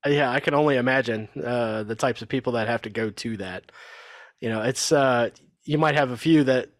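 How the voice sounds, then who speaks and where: A man's voice: medium pitch, moderate pace, no echo, studio quality. A man hosting a casual chat, easygoing and agreeable.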